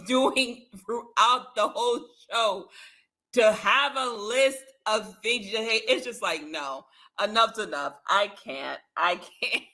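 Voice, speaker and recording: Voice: medium pitch, takes it slowly, bright, forceful tone. A podcast co-host in a casual TV recap chat, talking in long runs packed with "like" and sounding exasperated. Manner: talkative, many "like" fillers, exasperated.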